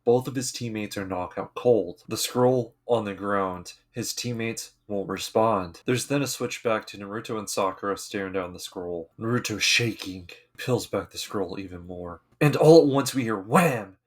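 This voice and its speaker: Low-voiced man recapping a cartoon. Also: steady tone, moderate pace, few pauses, fairly bright tone. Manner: plain play-by-play retelling with wry asides. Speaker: anime recap narrator. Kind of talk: casual episode recap narration.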